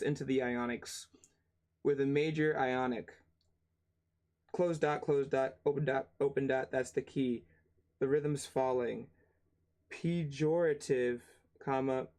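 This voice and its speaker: Slow-reading man spelling words out. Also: mid-range voice, darkish tone. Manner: slow, spells words out letter by letter, self-mocking asides. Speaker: channel host reading a book aloud. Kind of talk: casual read-aloud lesson.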